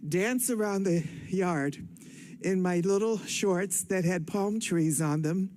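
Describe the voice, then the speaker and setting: An older woman from Cleveland, Ohio, out of breath and excited, telling her life story in a rambling, self-correcting way on stage. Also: on the low side. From Cleveland, Ohio, USA. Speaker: guest speaker on stage. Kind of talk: personal storytelling speech.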